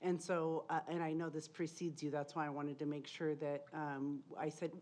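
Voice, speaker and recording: A woman's voice: deep voice, level tone, moderate pace, darkish tone. A woman on a school board making spoken remarks at a meeting, rambling a bit and correcting herself with fillers.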